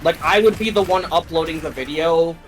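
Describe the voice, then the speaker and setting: A man's voice: on the high side, fairly quick, rough recording. A man chatting casually with a friend while gaming, swearing often and restarting his sentences. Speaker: co-streamer friend.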